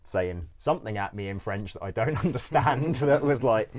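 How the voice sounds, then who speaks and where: A man with a notably deep, low voice tells a story casually, as if chatting with a friend. He rambles, drops in plenty of fillers and swears freely. He laughs along at his own misadventures. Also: expressive, moderate pace, crowd noise.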